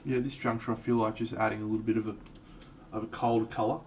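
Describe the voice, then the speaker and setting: A man's voice: on the low side, quick pace. A man streaming live, talking casually and a little self-mockingly as he paints miniatures and explains his colours. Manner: relaxed, rambling, self-mocking asides. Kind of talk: casual live tutorial talk. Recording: distant mic with faint background noise.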